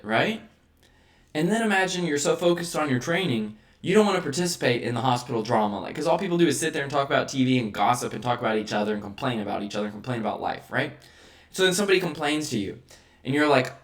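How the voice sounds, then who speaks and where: Animated and fast, a man with a mid-range voice hosts a vlog, running through a motivational monologue and repeatedly asking the listener a rhetorical "right?"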